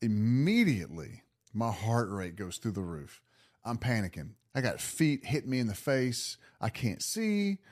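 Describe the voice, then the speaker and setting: A man guest on a podcast, telling a story in a casual, animated way, laughing and restarting his sentences. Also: mid-range voice, a little slow. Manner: animated, laughing, lots of restarts and acted self-talk.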